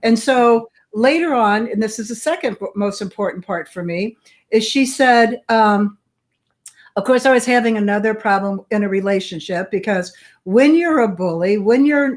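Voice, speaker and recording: On an interview show, a middle-aged guest who works in bully prevention tells her life story conversationally, with candid, straightforward language. Her voice is a little high and darkish in tone, and she talks at a normal speed.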